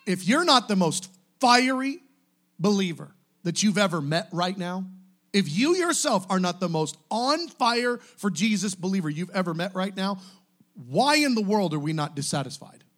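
Young male pastor, fired-up sermon delivery, high voice with big lively swings. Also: normal speed. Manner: impassioned, exhorting, swings from soft to shouting.

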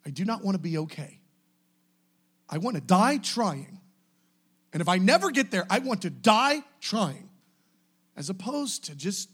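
Young male pastor, fired-up sermon delivery, high voice with big lively swings. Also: unhurried, long pauses, slightly rough. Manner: impassioned, exhorting, swings from soft to shouting.

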